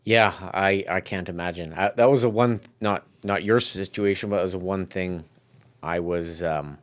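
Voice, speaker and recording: A man's voice: sits low, moderate pace, clear, resonant tone. A man speaking as a podcast guest, chatting casually about his business with loose, rambling sentences and many restarts. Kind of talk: casual conversational interview.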